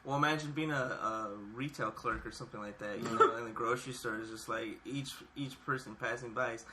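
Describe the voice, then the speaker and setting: A man's voice: mid-range voice, fairly even intonation, brisk, very noisy. A man co-hosting a podcast in casual chat, joking and laughing often. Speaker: podcast co-host.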